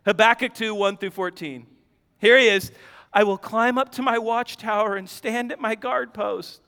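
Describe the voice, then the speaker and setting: A man preaching a sermon, reading scripture aloud with animated, joking asides. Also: sits high, normal speed, vocal fry, clear, resonant tone. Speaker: pastor. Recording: long hall reverb.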